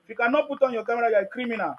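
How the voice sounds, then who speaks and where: Speaking very fast in a very high pitch, this Nigerian-accented man runs a live call-in stream, with slight background noise. The debate is heated, and he combatively presses his demands again and again.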